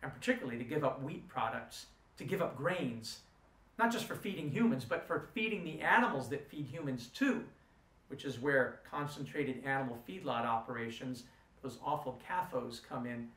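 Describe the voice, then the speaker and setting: Middle-aged lecturer telling a story. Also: male voice, medium pitch, moderate pace. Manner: animated anecdote-telling, voicing quotes. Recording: roomy, from a distance.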